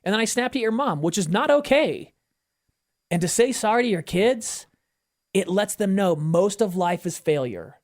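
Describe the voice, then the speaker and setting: A middle-aged man, a guest on an interview show, talking candidly and with feeling, with emphatic swings in pitch. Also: moderate pace. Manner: animated storyteller who acts out quoted voices. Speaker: podcast guest. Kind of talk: conversational interview.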